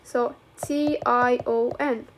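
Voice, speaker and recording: High-voiced woman teaching, Levantine accent. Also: steady tone, slight background noise. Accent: Levantine Arabic. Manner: slow, deliberate explaining with frequent fillers. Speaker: English teacher. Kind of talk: classroom lecture.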